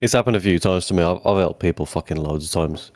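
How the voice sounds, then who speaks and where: A man's voice: low-pitched, fast, darkish tone, no echo, clean studio sound. A man, a podcast co-host telling a story in blunt, casual chat with plenty of swearing.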